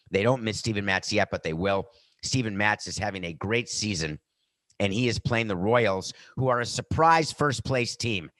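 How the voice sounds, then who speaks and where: Male podcast host, lowish voice, dry close sound, quick jokey sports banter. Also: no room sound. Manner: animated, tangents and jokey asides. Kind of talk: sports betting talk.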